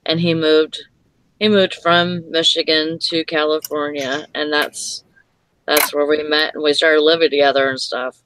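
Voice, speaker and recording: A woman's voice: low voice, little pitch movement, a little slow, a bit bright, clean tone, poor audio. A woman casually telling a personal story on a live chat show, rambling with fillers.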